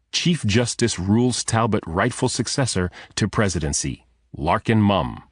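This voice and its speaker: A man narrating a thriller audiobook in a measured, steady storytelling manner. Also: low-pitched, no echo, clean studio sound. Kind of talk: scripted narration.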